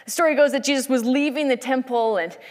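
A woman preacher narrating Bible scenes like film shots, in an animated storytelling sermon. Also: sits high, fast talker, long reverb tail.

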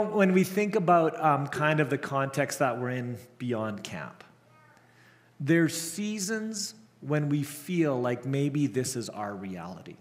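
A middle-aged man, a camp director, preaching with earnest storytelling and frequent restarts. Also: a little high. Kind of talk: sermon. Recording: long hall reverb.

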